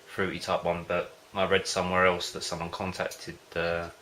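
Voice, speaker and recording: A man's voice: sits low, completely flat delivery, moderate pace, pushed and bright, slight background noise. A man vlogging about home brewing in a casual, rambling way, often hesitating and losing his thread. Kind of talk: casual rambling chat to camera.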